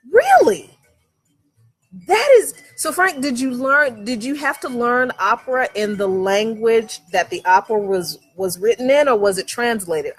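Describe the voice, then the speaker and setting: A woman from Virginia, with the trace of a Southern accent, chats enthusiastically on a casual outdoor livestream. She reads out viewer comments and laughs often, with a voice of ordinary pitch for a woman. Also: slightly rough. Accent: faint Southern American. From Virginia, USA. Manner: chatty and enthusiastic, with frequent laughs. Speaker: livestream host. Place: outdoors at home in the evening.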